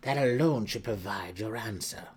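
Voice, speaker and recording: A man voicing a ruthless, furious female dark elf matron with a sneering, demanding manner. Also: lowish voice, moderate pace, slightly rough. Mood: harsh demand.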